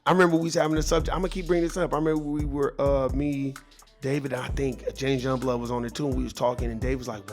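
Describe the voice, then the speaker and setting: A man's voice: medium pitch, flat delivery, quick pace, soft background music. A man giving advice in a casual monologue, earnest and preachy, swearing freely and often repeating or restarting his words. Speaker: vlogger.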